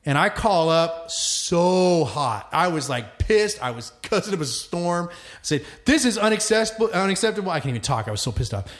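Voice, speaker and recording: Man, casual chat, animated, profane, fairly high pitch. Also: normal speed. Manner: animated storyteller, swears freely.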